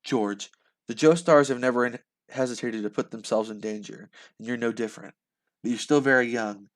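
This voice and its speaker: A man reading a novel aloud and voicing a calm adult monster hunter who reassures a boy. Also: medium pitch, moderate pace, close to an everyday voice.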